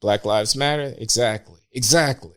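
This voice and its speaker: An older man, a podcast guest, speaking in a measured, emphatic way with hesitant pauses. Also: medium pitch, fairly bright tone, clean tone. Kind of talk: opinionated talk.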